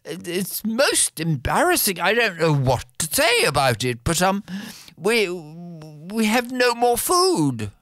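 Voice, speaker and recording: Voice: mid-range voice, big pitch swings, takes it slowly, fairly bright tone, no room sound, studio quality, voice pushed up. A storyteller voicing a flustered, apologetic male palace cook who hesitates and stammers. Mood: embarrassed.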